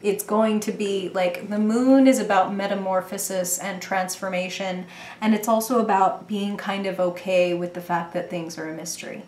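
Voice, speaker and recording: A woman's voice: mid-range voice, fairly even intonation, moderate pace, a little mellow. Chatty woman tarot reader in a roomy space. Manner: chatty, playful, laughs often. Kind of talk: casual tarot reading to camera.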